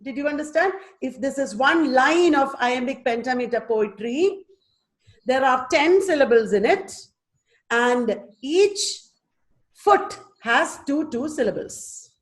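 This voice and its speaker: A woman's voice: high voice, expressive, slow. A woman with an Indian English accent giving an online lecture, patiently repeating and sounding out words. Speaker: teacher giving a webinar.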